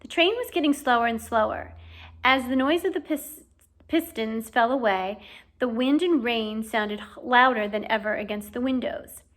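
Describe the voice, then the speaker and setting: A woman reads a novel aloud in audiobook style. Her narration is clear and steady, in a fairly high voice. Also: normal speed. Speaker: audiobook reader.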